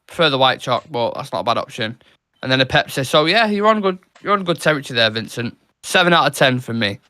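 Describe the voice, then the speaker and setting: A man's voice: medium pitch, sing-song, fast, pushed and bright. A young Englishman, co-hosting a live football watchalong with blunt, swearing banter. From England. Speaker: co-host. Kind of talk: casual live watchalong chat.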